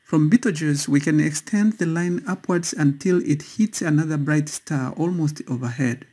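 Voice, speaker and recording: A man's voice: on the high side, moderate pace, darkish tone, breathy edge. A man narrating a scripted voice-over for a stargazing guide, careful and instructional.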